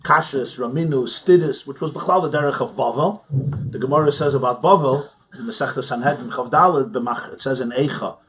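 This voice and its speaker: A rabbi teaching a Talmud class in a study hall, conversational, asking rhetorical questions and chuckling often. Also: male voice, mid-range voice, a little fast, a bit bright. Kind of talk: informal study-hall lecture.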